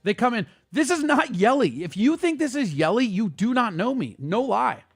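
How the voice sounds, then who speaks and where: Fast ranting profane male streamer. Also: very high voice, sing-song, husky, no room sound, studio quality. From Italian heritage. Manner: fast, profane, heated rants at chat. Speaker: streamer host. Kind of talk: casual livestream chat.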